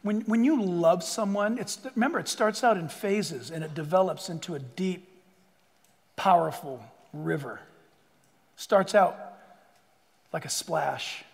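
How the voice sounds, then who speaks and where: An older man preaching a sermon, swinging between loud bursts and hushed asides and joking with the crowd. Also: high-pitched, measured pace, vocal fry, pauses often, long reverb tail. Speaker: pastor.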